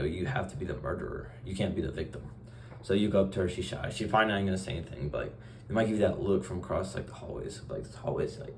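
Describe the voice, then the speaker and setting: A young man in a casual vlog monologue, talking in a rambling, offhand, deadpan way and acting out short bits of dialogue. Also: sits low, a little hiss or hum. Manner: acts out short dialogue exchanges. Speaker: vlogger.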